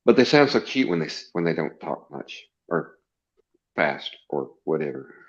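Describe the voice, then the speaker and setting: A man's voice: extremely low pitch, sing-song, moderate pace, highs cut off. A middle-aged man with a Southern US accent, joking and teasing folksily in a casual late-night group chat. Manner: joking, self-deprecating, folksy. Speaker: chat participant.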